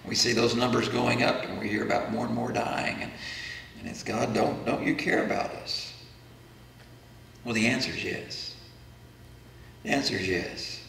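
Bright-voiced preacher man, gravelly edge. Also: mid-range voice, fairly even intonation, normal speed, slight background noise. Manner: earnest preaching, voices the questions of the faithful. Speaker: pastor. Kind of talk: sermon. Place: church sanctuary. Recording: echoey church room from far off.

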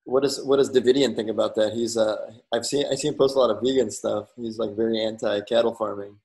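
A man's voice: fairly low pitch, steady tone, quick pace, a little mellow. A man hosting a casual interview, asking blunt, joking questions. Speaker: host.

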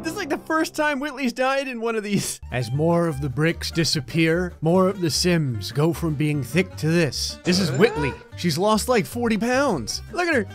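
An excitable man narrates gameplay in a high voice, with frequent exclamations and bursts of laughter. His let's-play commentary runs over faint background music. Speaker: gaming YouTuber.

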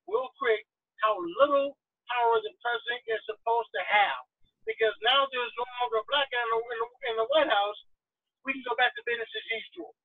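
A man's voice: very high voice, no echo. A man talking as an interview guest, blunt and profane, often mocking others in put-on voices, heard over a remote call. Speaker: interview guest, truck driver. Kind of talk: animated casual conversation. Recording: tinny phone-line audio, dry.

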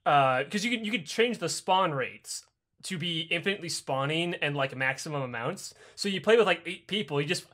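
Young male podcast co-host, high bright voice, profane rambling, does goofy character voices. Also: lively intonation, a little fast. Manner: rambling, profane, acts out game dialogue in silly voices. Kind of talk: casual chat.

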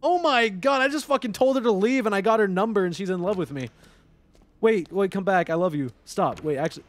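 A man streaming a game live, commenting casually and excitably, swearing and laughing as he plays. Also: high voice, brisk, no echo.

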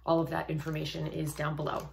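A woman with a low speaking voice talks through a song as a vocal coach. Her commentary is casual and thoughtful. She reads text aloud at an easy pace and laughs often. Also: monotone, fast talker, gravelly, slight background noise.

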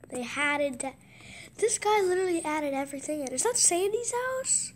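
A woman giving casual game commentary in an excitable voice, gasping with surprise and dropping into hushed asides. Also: high-pitched, moderate pace, a little hiss or hum. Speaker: gameplay commentator.

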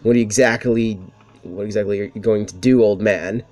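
A man's voice: fairly low pitch, fairly even intonation, normal speed, darkish tone, soft background music, natural voice. A man voicing a cruel, theatrical male ghost villain as he reads game dialogue aloud, mocking and taunting his foes. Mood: gloating.

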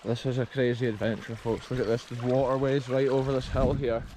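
A Scottish man who explores abandoned places narrates his casual hillside walk in the wind, upbeat and frequently calling viewers "folks." His medium-pitched voice barely rises or falls, but it's brisk and warm. The recording is rough.

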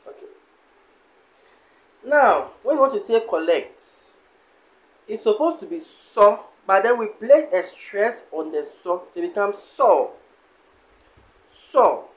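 Man, language teacher, unhurried, drills each word by repeating it. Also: sits high. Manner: repeats each word slowly several times. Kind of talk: slow language lesson with repeated words.

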